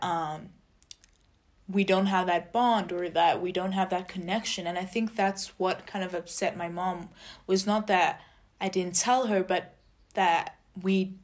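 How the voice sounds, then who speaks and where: A young adult woman telling a personal story in a casual vlog, chatty and animated, acting out quoted dialogue. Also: mid-range voice. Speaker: vlogger.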